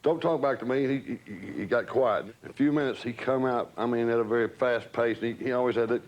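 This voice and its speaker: An older man, recounting old stories in an interview, animated and acting out what people said. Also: mid-range voice, a little fast, poor audio. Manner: animated storyteller who acts out quotes. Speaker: interviewee, former entourage member. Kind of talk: storytelling reminiscence.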